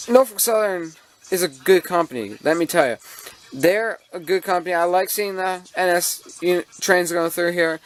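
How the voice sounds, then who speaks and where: A young American man ranting casually about railroads, rambling and indignant, with many fillers and restarts, filmed on a handheld camera in his model railroad room at home. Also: high voice. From United States. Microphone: handheld camera mic.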